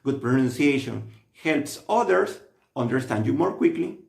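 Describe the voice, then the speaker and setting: A man giving scripted narration as a language teacher, with an instructive, steady delivery. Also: mid-range voice, normal speed, gravelly. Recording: roomy echo.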